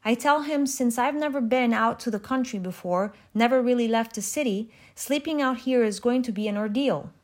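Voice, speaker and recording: A woman reading a first-person story aloud in a measured, reflective narration. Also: a little high. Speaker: audiobook narrator. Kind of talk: scripted narration.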